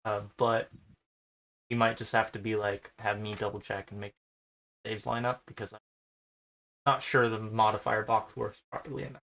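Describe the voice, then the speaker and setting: A man running an online tabletop game as game master, thinking aloud about the rules in a relaxed way. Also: on the low side, moderate pace, vocal fry, pauses often.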